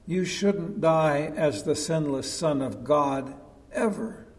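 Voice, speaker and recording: Preacher doing a coaxing devil, crafty, talks slow, echoey church sound. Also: male voice, on the high side. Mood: goading. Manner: coaxing, insistent. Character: the devil, a crafty wheedling male tempter. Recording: long echo of a large hall.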